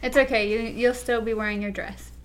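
A woman's voice: on the high side, steady tone, fairly quick. A woman co-hosting a podcast in casual review chat, easygoing and often giggling. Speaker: podcast co-host.

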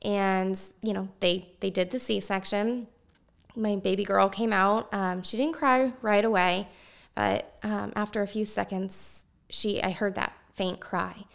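A woman guest telling a personal story in conversation, animated and laughing often as she talks. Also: mid-range voice, measured pace, creaky.

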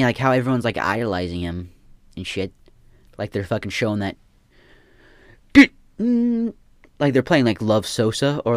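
Profane rambling young man, lively pitch. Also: no room sound, clean studio sound. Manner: profane, rambling, repeats himself. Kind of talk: casual rant.

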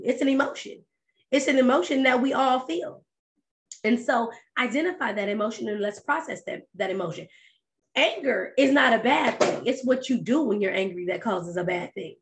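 A woman hosting a podcast in a casual monologue, talking conversationally and firing off animated rhetorical questions. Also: fairly high pitch, normal speed. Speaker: podcast host.

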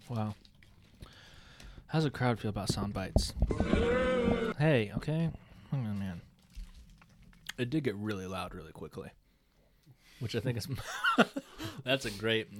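A man's voice: fairly low pitch, a little slow, long pauses, noisy background. A man hosting a casual podcast, joking and laughing often between earnest talk. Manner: laughs often, jokey bursts of shouting. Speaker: podcast host.

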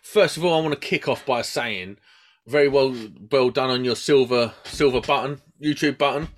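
A man's voice: mid-range voice, moderate pace. Jokey man hosting a chat. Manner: jokey, teasing banter. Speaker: podcast host. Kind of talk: casual chat.

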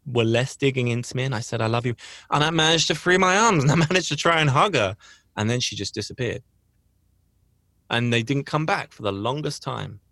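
A man's voice: mid-range voice, creaky, pushed and bright, dry recording, clean studio sound. A man hosting a podcast, telling a personal story in a rambling, earnest way with frequent restarts. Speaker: podcast host. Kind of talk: casual storytelling.

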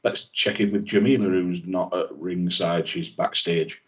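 A man's voice: low voice, fairly even intonation, unhurried. A man, casually recapping a show as a podcast co-host, with dry sarcastic asides. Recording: dull lo-fi audio.

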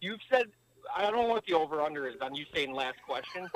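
A man's voice: on the high side, expressive, fast talker, a bit bright, rough recording. A man as a podcast guest, telling rambling stories in casual chat, swearing a lot and leaning on filler words, calling in remotely while driving. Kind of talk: casual storytelling. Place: driving in a car.

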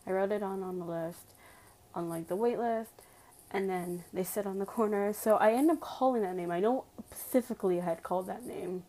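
A woman's voice: mid-range voice, fairly quick, mellow, poor audio. A woman telling a personal story to her viewers in a casual, emphatic way, full of "like" fillers and direct appeals.

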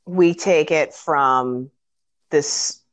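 A woman tells a film story with relish, jumping into the characters' lines and cursing freely. Her voice sits a touch low and sounds close and dry. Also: extremely slow, no echo. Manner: animated storytelling with acted-out quotes and swearing. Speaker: podcast host. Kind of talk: casual chat retelling a film.

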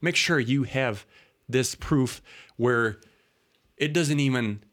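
Slow and slightly bright, a medium-pitched man hosts a casual talk show podcast after some drinking. He meanders from topic to topic, laughing as he goes.

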